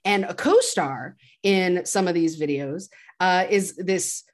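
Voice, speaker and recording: A woman co-hosting a podcast retells a film's plot in casual conversation, quoting the characters and laughing now and then. Her voice is lowish and her pace slow.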